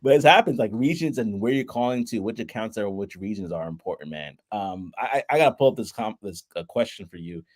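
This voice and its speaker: A man's voice: lowish voice, animated, fairly quick, hardly any pauses. Conversational male interview host. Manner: friendly, conversational, asks questions with filler words. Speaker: podcast host. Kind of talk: casual interview chat.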